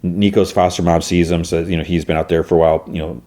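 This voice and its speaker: Casting: a male podcast host, very low, mellow voice, loose chatty recap. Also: flat delivery, quick pace. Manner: rambling, chatty, with fillers. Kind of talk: casual episode recap.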